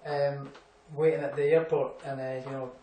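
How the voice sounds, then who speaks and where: A man's voice: mid-range voice, flat delivery, normal speed, mellow, recorded from a distance. A young Scottish man, a boxer, telling rambling anecdotes in a casual interview, full of fillers and laughs. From Scotland. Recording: echoey room, off-mic, faint hum.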